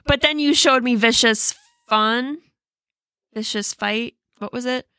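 A woman's voice: fairly high pitch, takes it slowly, bright, forceful tone, no echo. A woman co-hosting a casual podcast, reviewing horror films in a blunt way, full of "like" fillers and swearing. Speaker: podcast co-host.

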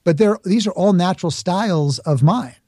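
A man's voice: sits high, moderate pace, a little mellow, no room sound, clean studio sound. A middle-aged man from the Bronx, a podcast guest talking in a reflective, explanatory way. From the Bronx, New York. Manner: reflective, explains with examples and acted-out asides. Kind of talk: conversational interview.

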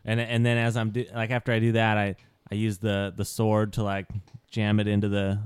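Male player, deep and resonant, dry sound; halting, profane. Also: monotone, clean tone, no room sound. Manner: halting, stumbling restarts, heavy profanity. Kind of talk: tabletop role-play.

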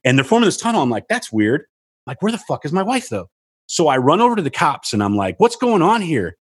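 A man tells a story in a relaxed chat, his slightly husky voice swinging wildly in pitch as he plays every person in it. He swears freely and keeps the listener hooked. The sound is dry, with no room around it. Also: fairly quick, no room sound. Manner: animated, acts out quotes with big pitch jumps, swears freely. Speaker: storyteller guest. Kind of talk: casual chat, animated anecdote.

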